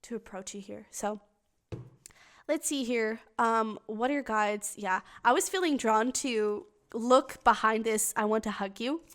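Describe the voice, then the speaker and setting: Earnest, higher-voiced woman reading tarot. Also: a little slow, fairly bright tone. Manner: earnest and emotionally invested, speaks directly to the viewer; chatty, thinks aloud while reading the cards. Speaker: tarot reader. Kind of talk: pick-a-card tarot reading to viewers.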